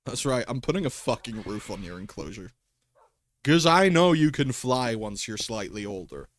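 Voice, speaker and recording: A man's voice: mid-range voice, sing-song, normal speed. A man livestreaming a game in casual commentary, chatty and talking to himself and his pets, swearing and laughing often at a desk microphone.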